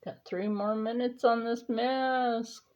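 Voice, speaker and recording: A woman's voice: fairly high pitch, steady tone, slow, darkish tone, lo-fi sound. A woman vlogger chatting casually during her skincare routine, telling a rambling story with lots of fillers.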